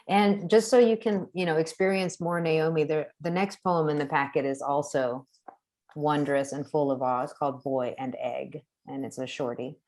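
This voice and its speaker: A woman with a low voice leads a poetry class over a video call. She talks in an effusive, encouraging way and laughs often. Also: fairly even intonation, moderate pace, darkish tone. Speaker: poetry teacher leading class.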